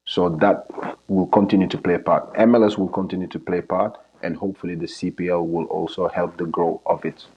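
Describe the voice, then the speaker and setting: Deep-voiced man analyzing soccer, lo-fi sound. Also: level tone, fairly quick, husky. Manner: earnest, repeats phrases, restarts sentences. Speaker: soccer coach and guest analyst. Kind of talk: live match commentary chat.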